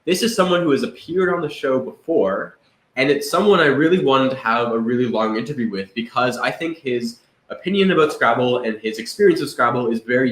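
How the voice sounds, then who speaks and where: A man's voice: medium pitch, fairly bright tone. A man co-hosting a casual live-streamed chat, dry and teasing. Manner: dry, teasing, laughs often. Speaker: co-host. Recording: echoey room.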